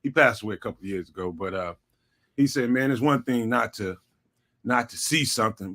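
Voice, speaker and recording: Man, sports talk guest, laid-back, slangy, medium pitch. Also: fairly quick. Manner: relaxed, slangy, repeats "man". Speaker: guest, network founder.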